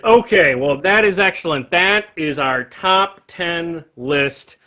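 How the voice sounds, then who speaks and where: Bright, upbeat man hosting a music chat. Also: a little high. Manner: animated, laughs often, quick restarts. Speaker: host. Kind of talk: casual livestream chat.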